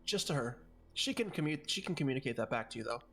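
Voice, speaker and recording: A man running a tabletop role-playing game, calmly describing scenes and asking for dice checks. His voice sits at a middle pitch and his delivery is matter-of-fact. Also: fast talker, creaky, slight background noise. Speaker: game master.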